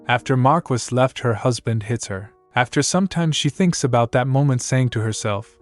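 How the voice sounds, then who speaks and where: A man narrating a comic story recap in a plain, steady, slightly stilted reading. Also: medium pitch, normal speed, hardly any pauses. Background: faint music.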